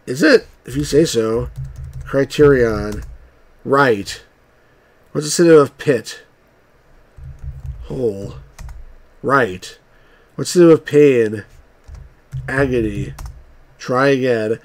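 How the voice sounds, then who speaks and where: A mid-range male voice moves slowly, with frequent pauses, as a game reviewer and channel host plays through old computer games. He reads the on-screen text aloud and tosses in wry, grumbling asides.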